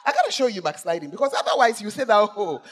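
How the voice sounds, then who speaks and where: A male pastor preaching a sermon, swinging between shouts and hushed asides as he teases the congregation. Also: very high-pitched, huge pitch swings, rapid-fire.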